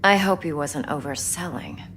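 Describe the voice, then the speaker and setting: A woman playing a guarded game character who speaks in a cool, measured way. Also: low-pitched, a bit bright, slight background noise.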